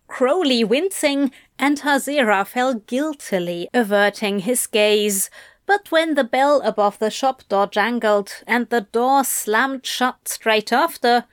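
A woman reading a story aloud in a soft, intimate narration. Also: fairly high pitch, lively intonation, slow pace, dry recording, clean studio sound. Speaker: reader.

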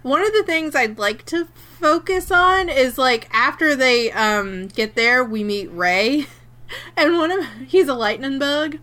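A woman's voice: high-pitched, animated, a little slow, pushed and bright. A woman co-hosting a casual chat, retelling a film and acting out its characters' lines with laughs. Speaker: podcast co-host.

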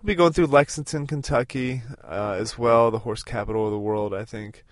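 A man's voice: mid-range voice, a little fast, no echo, clean studio sound. A man in his thirties hosting a podcast in a casual, rambling way, with lots of fillers and restarts. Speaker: podcast host. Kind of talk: casual spoken podcast recorded on a road trip.

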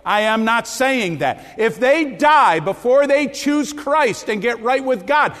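Male pastor, very high voice, slow impassioned sermon, long church-hall reverb. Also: expressive. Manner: impassioned, rising to near shouts then dropping low.

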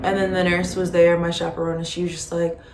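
A young woman hosting a podcast, telling a personal story in a candid, expressive, conversational way with frequent fillers. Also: on the low side, fast talker. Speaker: podcast host. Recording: roomy echo with faint background hum. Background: faint ambient noise, passing truck.

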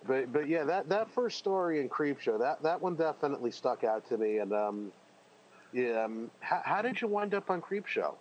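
A man's voice: medium pitch, expressive, moderate pace. A man hosting a podcast interview, chatty, telling stories with frequent stammered restarts. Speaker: podcast host. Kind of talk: casual interview. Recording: dull lo-fi audio with faint background hiss.

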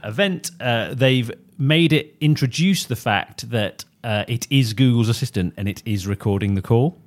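A man with a Northern English accent co-hosting a casual podcast, his voice mid-pitched for a man. He chats easily and slips in dry, deadpan asides. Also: moderate pace. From Northern England. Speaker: podcast co-host. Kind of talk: casual chat.

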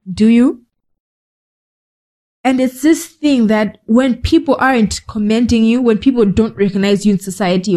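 A woman podcast host delivers a direct, conversational motivational monologue with scolding asides while cold and shivering. Her voice is medium-pitched and warm, though the audio is poor.

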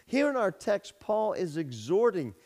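Pastor preaching in a reverberant hall. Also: male voice, high-pitched, big pitch swings, a little slow. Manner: storytelling, repeats words, grows loud for dialogue. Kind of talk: sermon.

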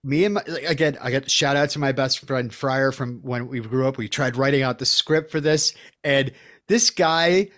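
A man's voice: mid-range voice, normal speed, a bit bright. A man co-hosting a casual movie podcast, playful and often laughing at his own jokes. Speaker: podcast co-host.

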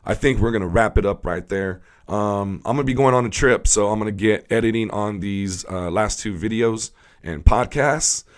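Rambling, heartfelt man with a low voice. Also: moderate pace. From Southern California. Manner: rambling, heartfelt, with many fillers and restarts. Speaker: host. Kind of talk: casual vlog talk to camera.

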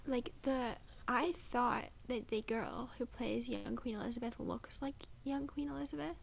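A teenage girl from the United States co-hosts a relaxed podcast, her talk wandering and full of hushed little asides. Her voice sits a bit high and carries a gravelly fry. A faint hiss runs behind her. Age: late teens. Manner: rambling, with quick whispered asides. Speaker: podcast co-host. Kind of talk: casual chat.

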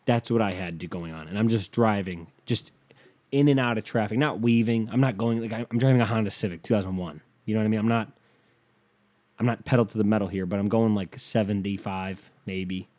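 A young man talks straight to the camera, his voice low-pitched and dark and mellow in tone. He rambles through a story in a loose, casual way, cursing freely and tripping over his sentences as he goes. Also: fairly quick. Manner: rambling, profane, restarts a lot.

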